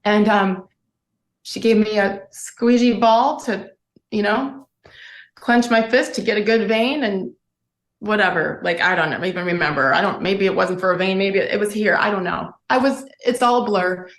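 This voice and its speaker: A woman's voice: mid-range voice, normal speed, echoey room. A middle-aged woman, an interview guest, telling her story earnestly and emotionally, often restarting her sentences. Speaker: guest, former sportscaster.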